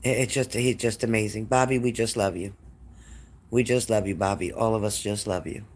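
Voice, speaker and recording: Speaking at a moderate pace with a low, fairly even voice, a man gives psychic readings on a live stream. He addresses viewers by name, and his emotion builds as he talks.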